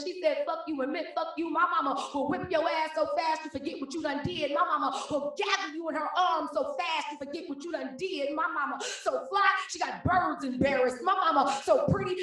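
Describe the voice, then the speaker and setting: A young woman from Cleveland delivers spoken-word poetry to a live crowd, her voice high and bright. She takes her time, landing each line with a punchy rhythm and loud refrains. She sounds distant from the mic, in a strongly echoing room. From Cleveland, Ohio, US. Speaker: slam poet.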